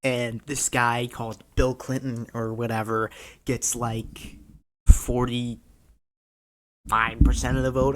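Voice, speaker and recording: Male vlogger, tired and sarcastic, rambling political take, mid-pitched voice. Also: level tone, slow. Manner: rambling, sarcastic, self-interrupting. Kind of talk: casual political commentary.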